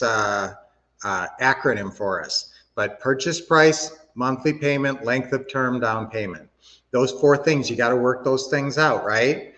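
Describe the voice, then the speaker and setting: An upbeat middle-aged man coaches his viewers on a livestream, speaking casually and cheering them on. His voice sits at an ordinary pitch, and the stream audio sounds a little dull and lo-fi. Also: fairly bright tone, in a large hall. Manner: upbeat, motivational, addresses viewers directly. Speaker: livestream host, real estate coach.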